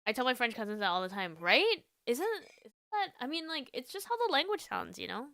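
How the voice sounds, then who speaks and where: Woman streamer, casual chat, giggly and lively, sharp bright tone, dry close sound. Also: a little high, brisk, dry recording. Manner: giggly, animated, chatty with many fillers.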